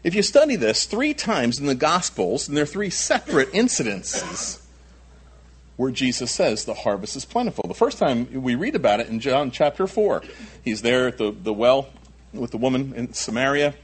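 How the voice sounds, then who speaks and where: Animated husky-voiced male pastor preaching. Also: mid-range voice, moderate pace. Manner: emphatic preaching, with frequent repeats and asides. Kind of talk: sermon.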